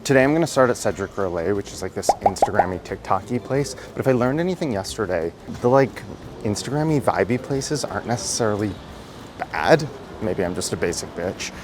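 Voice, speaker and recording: A man from the United States in his thirties, chatting excitedly and casually while tasting pastries on city streets, swearing now and then. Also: lowish voice, fairly quick, over music. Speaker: food vlogger. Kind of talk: casual food vlog. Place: streets and bakeries of a city, outdoors.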